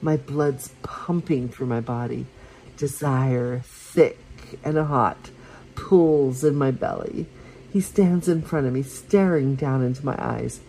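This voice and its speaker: A woman reading a romance story aloud for her podcast, soft and unhurried, with small slips and restarts. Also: rumbling low, vocal fry, slight background noise, low-quality recording.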